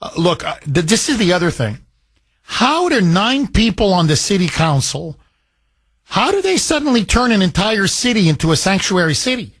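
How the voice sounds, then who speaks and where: A man's voice: sits high, sing-song, moderate pace, fairly bright tone, dry recording. A male radio talk show host, arguing his point with passion and acting out imagined conversations on a call-in show. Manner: impassioned, argumentative, acts out imagined dialogues.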